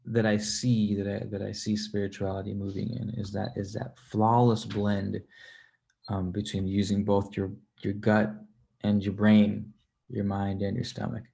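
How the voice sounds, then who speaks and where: A man hosting a casual livestream, reading viewer comments aloud, animated and swearing freely as he talks. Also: on the low side, a little slow, vocal fry. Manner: animated, swears freely, laughs between points.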